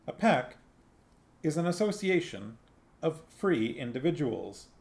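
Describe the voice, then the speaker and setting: A man's voice: on the high side, very animated, a little slow, darkish tone, pitched above the performer's own voice. A man voicing a fierce female werewolf in wolf form, speaking in a raised, lecturing way.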